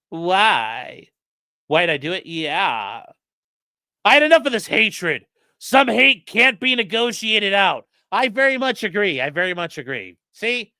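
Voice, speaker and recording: A man doing live-stream commentary for his chat, profane, excitable and sarcastic. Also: sits high, unhurried, no echo, studio quality. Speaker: streamer reading court documents to chat.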